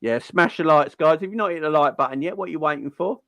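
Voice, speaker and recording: A young man hosting a casual football fan livestream, chatty and giving shout-outs to viewers. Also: on the high side, quick pace, no echo.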